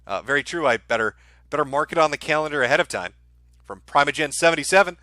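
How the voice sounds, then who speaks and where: A man reading viewer messages on a livestream, his voice bright and forward and set a bit high for a man. He is dry and sardonic, chuckling now and then. The sound is close and dead, with no room echo. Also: animated, fast. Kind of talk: casual livestream chat.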